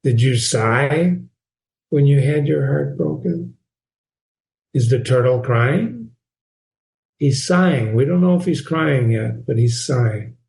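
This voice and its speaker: A man's voice: mid-range voice, slow, vocal fry, pauses often, a little mellow. A man teaching a literature lesson in an informal way. He repeats key phrases and asks the listener questions. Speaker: reading teacher and host. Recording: roomy echo.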